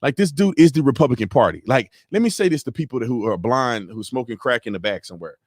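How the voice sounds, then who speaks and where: A man's voice: medium pitch, fast talker, husky, no room sound. Fired-up man riffing on a dry mic. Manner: animated, repetitive, slangy, mimics sounds. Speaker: host. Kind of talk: casual livestream commentary.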